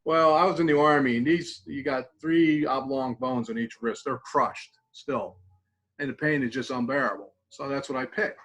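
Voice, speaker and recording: A middle-aged man leads a mindfulness class through a tapping routine. He talks in a relaxed, conversational way at a middling pitch. When he repeats the practice phrases, his voice sinks to a soft, quiet murmur. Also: moderate pace, poor audio. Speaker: mindfulness instructor. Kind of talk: guided tapping exercise.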